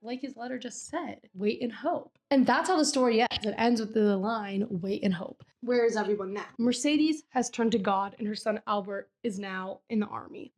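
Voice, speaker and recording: A woman casually retelling a long novel, talking with lots of "like" and acting out quotes in quick paraphrase. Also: mid-range voice, a little mellow. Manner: chatty, filler-heavy storytelling with "like". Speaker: book vlogger. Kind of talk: casual book recap.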